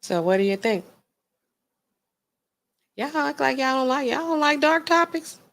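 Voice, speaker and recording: A woman pharmacist hosting a casual livestream, chatting in a slangy, animated way, reading out viewer comments and laughing often. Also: measured pace, creaky. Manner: animated and chatty, slangy, swings between low asides and high exclaims; laughs often mid-sentence.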